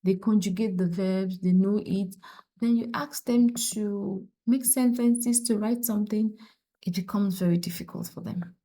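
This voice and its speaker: A woman's voice: medium pitch, steady tone, measured pace, warm tone. A woman teaching a French lesson online, patiently repeating each example sentence.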